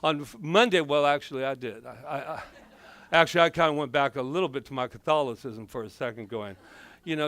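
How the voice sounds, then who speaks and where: A middle-aged man and minister giving a playful, animated sermon full of personal stories. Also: mid-range voice, brisk, no room sound. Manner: animated, playful, acts out quotes.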